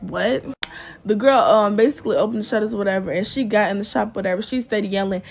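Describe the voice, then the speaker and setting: Young woman ranting through a storytime to camera, mid pitch, lots of y'all and or whatever. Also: quick pace, gravelly. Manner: chatty and exasperated, addresses viewers as y'all, fills with "or whatever". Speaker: storytime vlogger.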